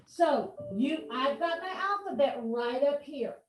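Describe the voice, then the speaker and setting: A woman's voice: sits high, expressive, a little slow, soft background music. A woman teaching a reading lesson over a video call, giving playful, encouraging instructions. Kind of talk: virtual one-on-one lesson. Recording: roomy echo.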